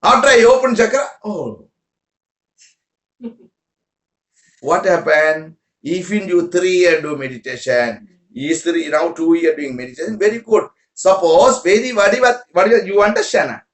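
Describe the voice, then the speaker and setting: With a measured pace and a high, slightly bright voice, a man gives an informal spiritual talk to followers in broken English. This spiritual teacher repeats words and asks listeners questions, captured with roomy echo.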